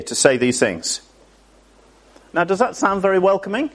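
A man's voice: high-pitched, big pitch swings, normal speed. A man preaching a sermon to a church congregation in a chatty way, often asking his listeners questions.

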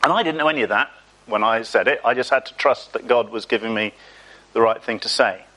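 A man with a mid-pitched, pushed and bright voice preaches a sermon at a fairly quick clip, telling a story from his own life in a chatty, self-mocking way and drawing out the words that matter. The audio quality is poor.

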